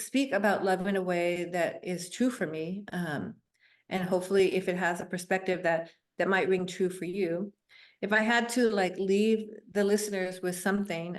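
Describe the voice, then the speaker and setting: Middle-aged woman guest, low-pitched, earnest storyteller, reflective interview talk. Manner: earnest, with soft laughs and fillers.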